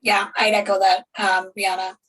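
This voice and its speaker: A woman recruiter speaks in an encouraging, conversational way on a panel. Her voice is mid-pitched and sounds set back from the microphone. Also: flat delivery, normal speed, fairly bright tone, breathy edge, distant mic, poor audio. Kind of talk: panel Q&A answers.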